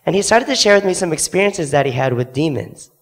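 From the front of a church sanctuary, a young adult man, a student literature evangelist, gives an earnest testimony to the congregation through a handheld mic. He tells the story expressively and quickly in a fairly high voice, acting out quoted voices, with a long reverb tail.

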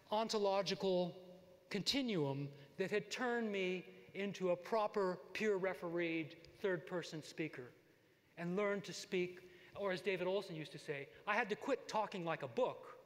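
An older man giving a lifetime achievement talk, telling stories from his career in an animated way with asides to the audience. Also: high-pitched. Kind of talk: lecture with personal stories. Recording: long hall reverb.

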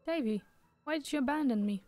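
A woman's voice: high-pitched, brisk, dark tone, no echo, lightly acted. A woman reading as a bitter, hurt mother. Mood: reproachful. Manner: reading game dialogue aloud.

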